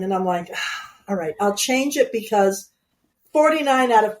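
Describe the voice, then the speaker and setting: A woman's voice: medium pitch, animated, normal speed. Outgoing woman in her sixties telling stories. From New York. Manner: outgoing, storytelling with quoted asides. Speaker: guest author. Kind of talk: casual conversation.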